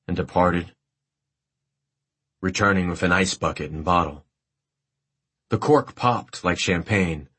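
A man reading a war memoir aloud as an audiobook narrator, in a measured, literary and wry way. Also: low-pitched, a bit bright, slightly rough.

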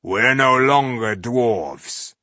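A cold, menacing renegade dwarf who talks in slow, measured threats, as a man puts him on. The voice drags its words and carries a husky edge in a dry storybook reading. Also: mid-range voice, very animated, a bit bright, dry recording, full character voice.

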